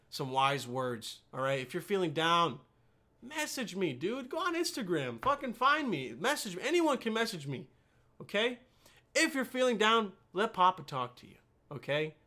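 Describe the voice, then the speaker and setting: A man's voice: on the high side, a bit bright. A man with an American accent, hosting a podcast in a rambling, profane casual monologue, often chuckling as he talks. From United States. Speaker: podcast host.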